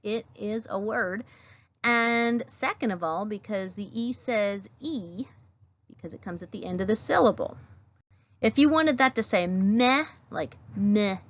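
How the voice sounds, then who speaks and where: A woman teacher talks slowly through a phonics lesson. She sounds out each letter patiently as she writes the words. The recording is dull and lo-fi. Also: medium pitch.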